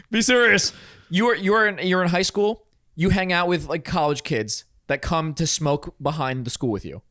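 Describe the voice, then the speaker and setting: A man's voice: on the high side, a little slow, sharp tone, dry recording, studio quality. Man steering the chat with scenarios. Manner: steering the talk with hypothetical scenarios. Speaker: podcast co-host. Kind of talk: casual comedic debate chat.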